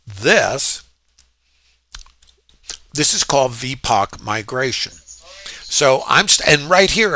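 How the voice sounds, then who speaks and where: Bright-voiced man teaching trading casually. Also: medium pitch, no echo. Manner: conversational, rambling, asks rhetorical questions. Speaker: trading educator. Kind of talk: screen-share trading lesson.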